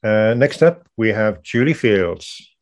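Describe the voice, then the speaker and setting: A man hosting an online poetry reading, introducing each reader and praising them in an effusive, unhurried way. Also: lowish voice, animated.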